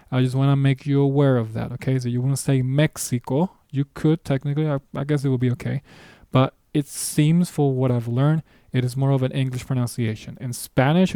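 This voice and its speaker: A man's voice: mid-range voice, fairly even intonation, brisk, warm tone, no room sound, studio quality. A man teaching a beginner language lesson, explaining patiently in a casual way with small asides. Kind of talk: recorded online lesson.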